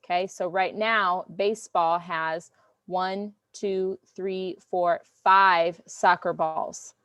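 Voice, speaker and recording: Playful, teasing teacher on a call. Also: female voice, on the low side, slow pace, clear, resonant tone, dry recording. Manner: playful, teasing, animated, Southern US colloquial. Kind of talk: online class review game. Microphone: computer mic on video call.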